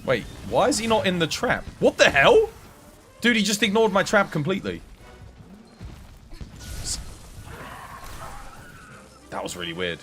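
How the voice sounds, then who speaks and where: An English man streaming a game and coaching his chat, relaxed and chatty. His voice sits a little high and moves around a lot as he talks. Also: measured pace, pauses often, soft background music. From England. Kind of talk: casual livestream chat.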